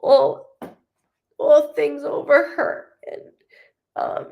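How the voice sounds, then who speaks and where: A woman giving a psychic reading on a live stream. She talks in a halting, rambling way, with many restarts, and she is emotional and blunt, swearing freely. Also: sits high, level tone, gravelly, highs cut off. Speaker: psychic medium.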